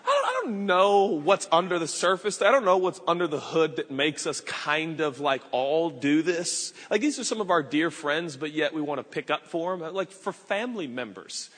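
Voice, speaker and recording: A man in his forties preaching a sermon, telling a story with stammered restarts and sudden shouted bursts. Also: on the high side, moderate pace, hardly any pauses. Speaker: pastor. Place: church auditorium with live audience. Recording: long reverb of a large hall.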